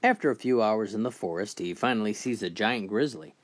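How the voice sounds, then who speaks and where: A man telling a string of crude jokes in a steady, scripted narration voice. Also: fairly low pitch, brisk. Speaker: joke teller.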